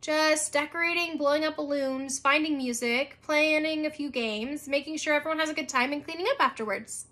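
Storybook read-aloud: woman voicing a fretful ten-year-old girl, high and bright, rushed. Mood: frazzled.

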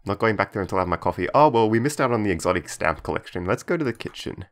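A man's voice: on the low side, lively intonation, very fast, a bit bright. A young man, a YouTuber, giving casual commentary as he plays a game, chatting, joking and reading the game text aloud while trying not to laugh.

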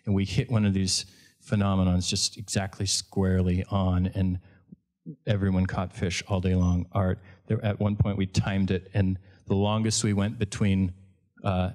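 A man's voice: low-pitched, darkish tone. A man, a fishing guide, telling a story at a live event in a conversational way, often restarting and correcting himself.

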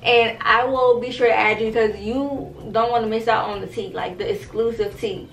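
A young woman, telling a story to her viewers in an animated, profane, casual way. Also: a little high, moderate pace, gravelly, echoey room, slight background noise, low-quality recording. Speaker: storytime vlogger.

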